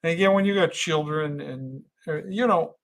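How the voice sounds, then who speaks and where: A man hosting a casual livestream, reading viewer comments aloud and talking in an earnest, halting way with frequent restarts. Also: on the high side. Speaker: livestream host.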